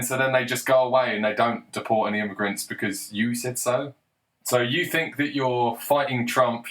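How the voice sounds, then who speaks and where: A man's voice: mid-range voice, a bit bright. Blunt, combative man ranting. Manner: blunt and combative, swears often, argues with rhetorical questions. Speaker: commentator. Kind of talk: political commentary monologue.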